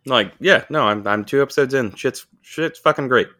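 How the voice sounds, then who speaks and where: A man hosting a podcast in casual chat, animated and joking, swearing heavily. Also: mid-range voice, normal speed. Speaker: podcast host.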